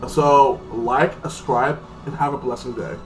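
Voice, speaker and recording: Unhurried and with fairly even intonation, a mid-range male voice rambles through a casual movie review, full of "like" and bits where he acts out characters. The mic is a little distant from him, and faint music can be heard in the background.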